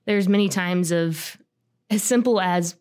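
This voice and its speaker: A woman's voice: fairly low pitch, measured pace, darkish tone, smooth. A woman guest on a podcast, sincerely and reflectively sharing her personal faith story.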